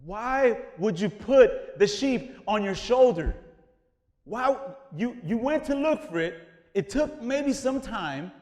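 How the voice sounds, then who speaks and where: A man preaching a sermon in an animated, conversational way, dropping casual slang as he explains. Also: high-pitched, slow pace, big-room sound. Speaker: pastor.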